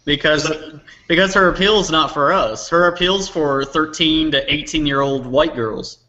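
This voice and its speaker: A chatty man on a casual music talk show, jumping in with counterpoints. His voice is bright and forceful, and the recording has a dull, lo-fi quality. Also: fairly high pitch, steady tone. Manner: chatty, quick to offer counterpoints. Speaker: podcast co-host. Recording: dull lo-fi sound.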